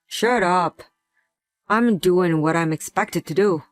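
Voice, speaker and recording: A woman's voice: on the low side, slow pace, clear, resonant tone, soft background music. A woman voicing a resentful adult husband who talks in a curt, contemptuous way in a scripted drama.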